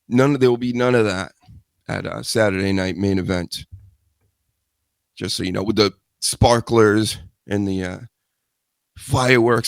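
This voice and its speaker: A man riffs solo on his show, rambling from one joke to the next with crude asides. His voice sits a little low, and the studio mic sounds close and dry with no room echo. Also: measured pace, creaky, long pauses. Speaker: show host. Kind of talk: solo radio-style chat show.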